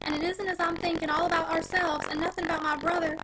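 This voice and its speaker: A woman's voice: very high voice, level tone, fast talker. A woman voicing a distraught, humble middle-aged farm wife and aunt who pleads tearfully. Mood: pleading, tearful. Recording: noisy home recording.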